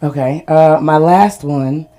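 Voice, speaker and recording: A woman's voice: low-pitched, takes it slowly, dark tone, slight background noise. A woman doing a stand-up set at an open mic, telling stories and laughing at her own jokes, on a small club stage. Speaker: stand-up comedian.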